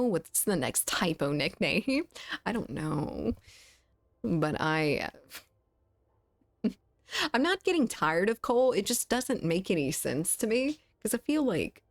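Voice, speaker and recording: A woman with a mild Southern US accent, chatting casually on a game livestream, reading her chat aloud and laughing easily. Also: on the low side. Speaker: game streamer. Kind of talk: casual live-stream chat while gaming.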